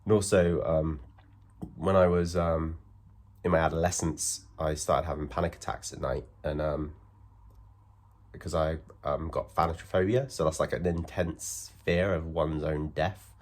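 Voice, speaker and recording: A man's voice: rumbling low, steady tone, measured pace, a little mellow. A man hosting a comedy sketch in his bedroom, dry in delivery and hesitant, with many ums. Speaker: comedy host and musician. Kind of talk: comedy sketch, then interview.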